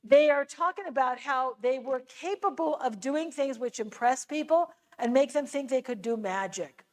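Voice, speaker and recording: An American woman with a high voice teaches an adult church class. She explains in a relaxed, conversational way and drops in casual asides as she goes. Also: moderate pace, low-quality recording. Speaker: lecturer on scripture. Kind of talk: church adult-education lecture.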